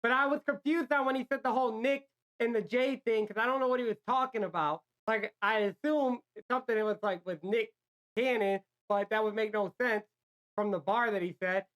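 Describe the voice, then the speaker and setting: A woman hosting a music reaction video, rambling excitably and swearing freely as she comments. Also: medium pitch.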